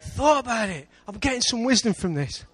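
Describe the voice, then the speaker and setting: A man with an English accent preaching a sermon in church, lively, with big swings between loud and quiet. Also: very high-pitched, fairly quick, husky. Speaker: pastor.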